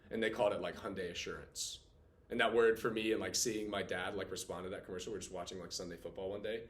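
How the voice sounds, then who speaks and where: A man in his late twenties teaching a class in a casual, animated way, full of fillers. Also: sits low, quick pace, slight background noise. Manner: animated, chatty, heavy on filler "like". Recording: roomy classroom echo.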